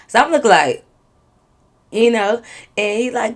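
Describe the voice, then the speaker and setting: A young woman vlogger telling a storytime story in an animated, slangy way full of profanity. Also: a little high, a little slow, long pauses. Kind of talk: storytime vlog.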